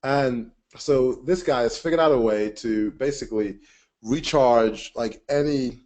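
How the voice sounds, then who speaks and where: A man's voice: medium pitch, unhurried, darkish tone. A man presenting a webinar over screen share, loose and rambling, with lots of filler words. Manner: loose and rambling, full of "you know" and "like".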